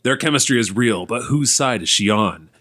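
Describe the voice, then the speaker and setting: A man putting on the voice of a dramatic male movie-trailer announcer, reading a spoof film blurb slowly and deliberately. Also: medium pitch, expressive, fairly bright tone, no echo, studio quality.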